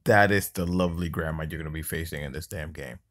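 A man with a low, deep voice gives loose, casual let's-play commentary on a mobile game, talking at a quick pace with a slightly bright tone. Exasperated, he grumbles and curses at the game and sometimes mockingly taunts the enemy, all picked up by a phone's screen-recorder mic.

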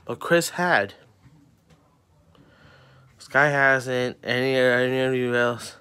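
A teenage boy vents in a heated, profane rant, swearing at nearly every turn. His voice sits in a middle pitch and comes out bright and forceful, full of exasperation. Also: slow, smooth. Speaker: student venting on camera. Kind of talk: angry ranting vlog.

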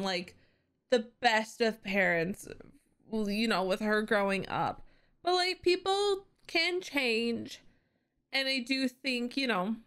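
Slow-talking, teary young woman. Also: a little high, a bit bright, smooth. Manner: emotional, teary, chatty with many fillers. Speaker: anime reaction host. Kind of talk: casual reaction commentary.

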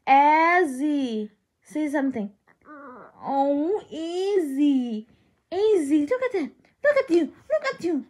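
A mother coaxing her toddler in slow, sing-song baby talk on a live stream. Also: sits high, big pitch swings, mellow. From USA.

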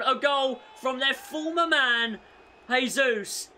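A young man commentating on his own football video game, bursting into loud shouts at goals and sinking into muttered frustration in between. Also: extremely high pitch, slow. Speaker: gaming YouTuber. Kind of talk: excitable gameplay commentary.

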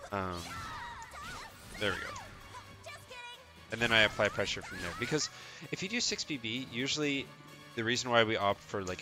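Man, low voice, relaxed tutorial explaining, music in the background. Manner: relaxed, explanatory, frequent "right?" and "um". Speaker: fighting game coach. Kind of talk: casual gameplay tutorial.

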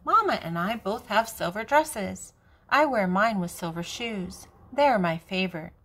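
An older woman, a grandmother, reading a children's picture book aloud in a gentle, even way. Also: mid-range voice, a little slow. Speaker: storybook reader.

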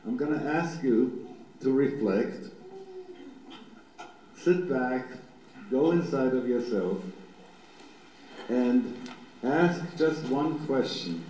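An older man in his seventies leads a meditation lecture and reads scripture in a gentle, unhurried way, leaving long pauses. His slow delivery rings through a very echoey hall, with faint noise behind it. He speaks at a middling pitch. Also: expressive. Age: 70s. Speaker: rabbi giving a lecture. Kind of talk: guided meditation teaching and slow scripture reading.

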